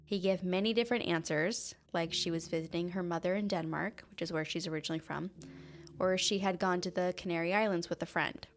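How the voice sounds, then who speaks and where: A woman's voice: fairly low pitch, fairly even intonation, brisk. A woman co-hosting a casual podcast, chatting and reading out case notes in a laid-back, jokey way. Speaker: podcast co-host. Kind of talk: casual chat and true-crime narration.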